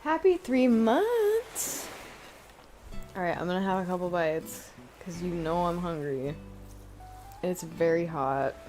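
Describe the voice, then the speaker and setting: A soft-spoken woman streamer chatting casually while eating and gaming, murmuring between bites. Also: fairly low pitch, steady tone, normal speed, soft background music.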